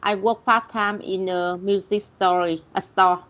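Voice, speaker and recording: A woman's voice: medium pitch, fairly even intonation, unhurried, fairly bright tone, low-quality recording. A woman learning English, reading lines and carefully repeating words after her tutor. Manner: careful, hesitant repetition.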